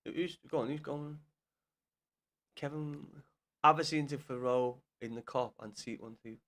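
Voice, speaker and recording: A man's voice: medium pitch, measured pace, fairly bright tone. A young man chatting on a gaming livestream, answering his chat with blunt, sweary banter.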